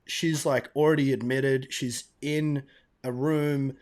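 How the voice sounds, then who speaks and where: A man co-hosting a podcast, telling stories in an animated, emphatic, casual way. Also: mid-range voice, slow. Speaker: podcast co-host. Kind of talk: casual storytelling chat.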